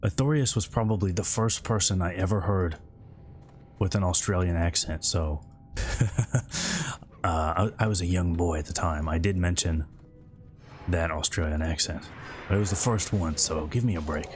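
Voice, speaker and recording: Low-voiced man, scratchy throat. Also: moderate pace, long pauses, faint music behind. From American Midwest. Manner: relaxed, rambling, talks a bit loud into the mic. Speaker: game streamer. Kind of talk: casual chat while gaming. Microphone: close streaming mic.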